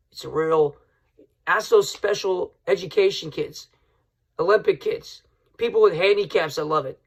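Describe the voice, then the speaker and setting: A man hosting his own wrestling podcast, ranting heatedly and swinging from loud outbursts to low mutters. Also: vocal fry. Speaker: podcast host. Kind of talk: casual wrestling podcast rant.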